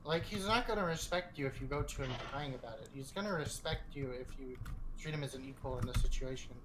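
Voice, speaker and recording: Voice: mid-range voice, quick pace. A speaker bluntly lecturing and challenging a friend during a casual argument on a stream. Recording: noisy background.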